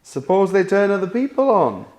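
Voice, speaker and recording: A man's voice: high voice, very animated, normal speed, a little mellow. A man playing a patronising older northern male TV presenter with a slightly northern English accent, talking down in a sardonic drawl. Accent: slightly northern English, put on. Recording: roomy echo.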